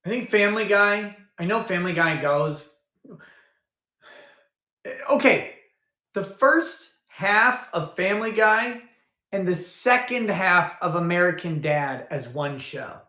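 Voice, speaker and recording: A man talks casually on a livestream, rambling and thinking out loud with frequent restarts. His voice sits fairly high for a man and comes across bright and forceful. The room around him gives off a noticeable echo. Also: takes it slowly, long pauses. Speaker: livestream host. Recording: roomy echo.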